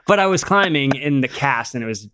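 A middle-aged man guesting on a podcast, with a voice in the middle of the usual pitch range. He tells stories in a relaxed, chatty way, bringing his tales to life by acting out what people said, and he often breaks into laughter. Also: moderate pace, smooth. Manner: animated, acts out quoted dialogue, laughs often. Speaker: podcast guest, rock climber. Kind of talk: casual storytelling chat.

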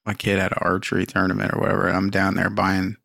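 A man's voice: deep voice, monotone, quick pace, creaky, fairly bright tone, dry recording, clean studio sound. A man co-hosting a podcast in casual chat, telling annoyed stories with swearing and frequent laughs. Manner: laughing, profane storytelling. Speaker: podcast co-host.

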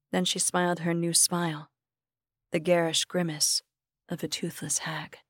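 A woman reading a horror short story aloud as narrator, measured and sometimes dropping to a whisper. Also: on the low side, level tone, no echo, clean studio sound.

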